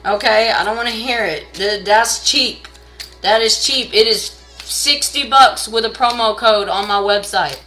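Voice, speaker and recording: Bright-voiced blunt tarot reader woman. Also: unhurried, faint music behind, poor audio. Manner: blunt and profane, scolding viewers; pushy sales pitch. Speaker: tarot reader doing a live stream. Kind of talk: casual live tarot reading.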